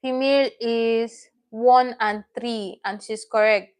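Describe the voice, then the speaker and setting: A woman's voice: a little high, steady tone, slow. A woman teaching a live online language lesson, patient and repeating each word as she explains it step by step.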